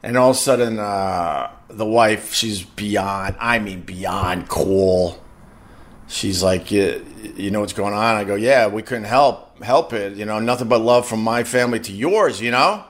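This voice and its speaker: A man's voice: fairly low pitch, a little slow. A middle-aged man, a podcast host, telling a long casual story and stumbling over and repeating his words as he goes.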